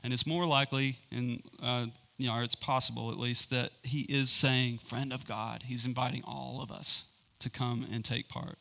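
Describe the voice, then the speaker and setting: Man, Bible teacher, bright forceful tone, eager, rambling, lots of fillers. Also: mid-range voice, flat delivery, moderate pace, gravelly. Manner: enthusiastic, rambling with many fillers.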